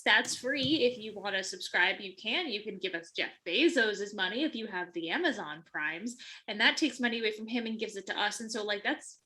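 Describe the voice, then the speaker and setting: Female co-host, playful outro read, high and sharp. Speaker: podcast co-host reading the outro. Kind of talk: casual sign-off chat.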